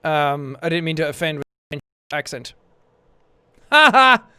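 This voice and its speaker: Male streamer, bright sharp voice, jokey, excitable, casual chat. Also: a little high, unhurried, clean tone, dry recording, clean studio sound. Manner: excitable and jokey, with bursts of shouting and laughter. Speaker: livestream host. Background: faint background music.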